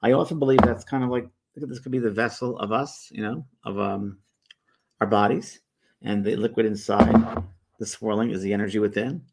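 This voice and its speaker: Middle-aged guy on a livestream, low gravelly voice, rambly and relaxed, lots of ums. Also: fairly quick, background noise. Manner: relaxed and rambling, with many fillers and restarts. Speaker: host of a spiritual livestream. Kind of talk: casual livestream chat greeting viewers. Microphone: phone or webcam held by the speaker.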